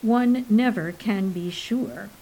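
A woman doing a stiffly polite male envoy in a storybook reading. He speaks formally and precisely, with unhurried pacing. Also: mid-range voice, dark tone, breathy edge, low-quality recording.

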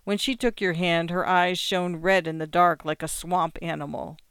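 A storyteller voicing a bitter, accusing wife in a short story, with a sharp delivery. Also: medium pitch, fairly even intonation, normal speed, smooth, dry recording, lightly acted.

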